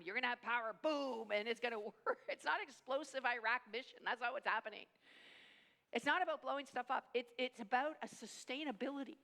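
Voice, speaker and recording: Her voice on the high side, a middle-aged woman delivers a family-camp sermon in a large hall. She keeps it lively and conversational, performing the quotes and dropping to hushed asides.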